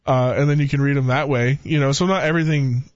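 A young man in casual chat, relaxed, chipping in with asides and corrections. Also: mid-range voice, quick pace, dry recording. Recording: dull, lo-fi dry sound.

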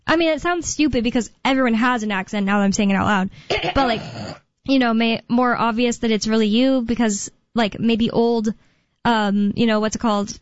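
A woman's voice: on the high side, moderate pace, dry recording, lo-fi sound. A young woman hosting a talk radio show, rambling casually and thinking aloud with fillers.

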